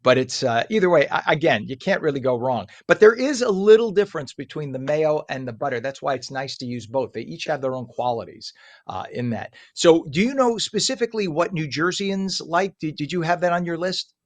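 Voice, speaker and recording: A man's voice: fairly high pitch, animated, fairly quick. A man hosting a live TV morning show interview, chatty and joking, eating food on air.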